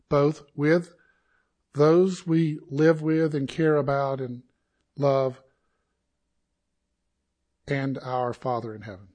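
A man preaching a sermon to his congregation, slow and deliberate, with dramatic pauses and sudden rises in intensity. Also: mid-range voice, fairly even intonation, darkish tone. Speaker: pastor.

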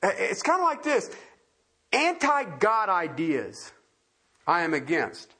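A male preacher with a very high voice that carries a husky edge. He preaches in a folksy, emphatic way, jumping all over his register as he fires off rhetorical questions. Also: wildly swooping pitch, takes it slowly, bright, forceful tone. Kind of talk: sermon.

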